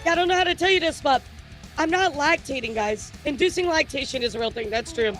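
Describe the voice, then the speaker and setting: A woman streamer telling stories in casual livestream chat, animated and swearing freely. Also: sits high, brisk, music in the background.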